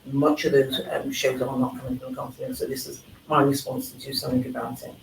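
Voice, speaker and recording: A man's voice: mid-range voice, flat delivery, quick pace, vocal fry, echoey room, distant mic, a little hiss or hum, rough recording. A man from England speaking thoughtfully on a live panel at a forum, with frequent fillers. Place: event hall at a live forum.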